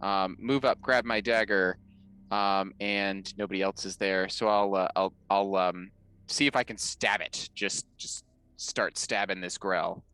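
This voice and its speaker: A man playing a tabletop game over a video call, thinking aloud with many pauses and fillers. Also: low voice, steady tone, sharp tone, clear, resonant tone, dry recording. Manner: hesitant, many fillers while deciding. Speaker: player. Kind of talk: casual chat at a tabletop game.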